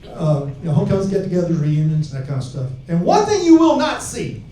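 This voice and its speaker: A man's voice: high-pitched, wildly swooping pitch, brisk, warm tone, far from the mic. A man from Alabama doing a crude, brash stand-up set with a handheld mic on a club stage. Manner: crude, brash, rambling punchlines with audience laughter. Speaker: stand-up comedian. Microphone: handheld microphone. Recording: echoey room, heard from afar. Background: audience laughter.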